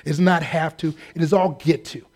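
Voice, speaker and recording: A man preaching a lively, humorous sermon, joking and acting out quotes. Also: fairly high pitch, normal speed. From United States. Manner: animated, joking asides and acted-out quotes.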